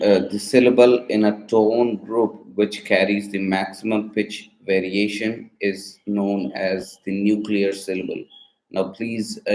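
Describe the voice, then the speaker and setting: A man reading out phonetics quiz questions, pausing hesitantly as he asks for explanations. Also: fairly low pitch, reverberant, low-quality recording. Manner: hesitant, with filler pauses. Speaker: instructor posing exam questions.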